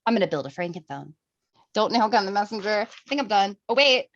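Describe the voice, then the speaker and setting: A woman co-hosting a casual movie review chat, animated and laughing, swearing freely. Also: medium pitch, fairly quick, no room sound, highs cut off.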